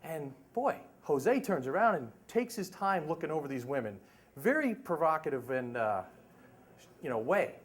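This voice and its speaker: A man's voice: fairly high pitch, normal speed. A middle-aged man telling a humorous story live at a story slam, with chatty asides to the listeners. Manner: animated, humorous, conversational asides.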